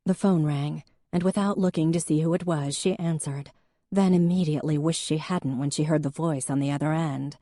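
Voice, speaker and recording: A woman narrating an audiobook in an even, measured storytelling manner. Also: deep voice, no echo, studio quality.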